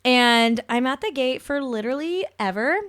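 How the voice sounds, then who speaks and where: A young woman hosts a podcast and tells a story in casual chat. Her voice sits a little high, and she is animated and peppers her talk with "like". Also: moderate pace, clean tone. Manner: animated storyteller, heavy use of "like". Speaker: podcast host.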